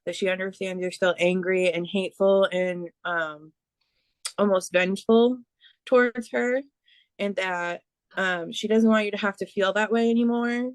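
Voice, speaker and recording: A woman giving a spiritual reading as a medium, speaking haltingly with many fillers and restarts. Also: medium pitch, steady tone, no echo. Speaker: psychic medium.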